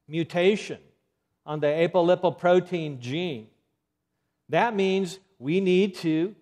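A man's voice: fairly high pitch, a little mellow. A man giving an earnest health lecture, emphatic and given to repeating key points.

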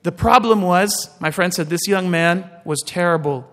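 Male pastor, high voice, storytelling sermon, slows for emphasis, big hall reverb. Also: fairly bright tone.

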